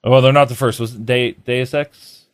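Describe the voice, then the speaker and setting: A man with a mid-range voice hosts a casual podcast, chatting loosely in a steady tone at a moderate pace, full of fillers and restarts. His delivery is smooth and rambling, captured in a dry, studio-quality recording.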